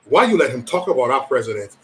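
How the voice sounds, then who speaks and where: A man's voice: mid-range voice, quick pace, recorded from a distance, slight background noise, rough recording. A man hosting a casual livestream, chatting loosely and profanely with his viewers. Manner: loose, profane, animated banter with chat. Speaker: livestream host.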